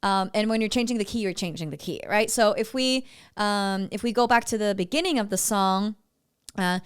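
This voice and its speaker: A woman's voice: mid-range voice, fairly quick, clean tone. A woman vocal coach giving feedback on singing clips in a chatty way, breaking off to sing short demo phrases.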